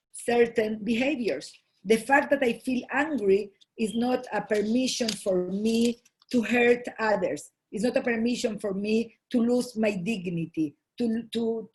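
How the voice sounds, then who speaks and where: A woman giving a talk on family habits, earnest and often pausing with fillers and restarts. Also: fairly high pitch, darkish tone. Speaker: host.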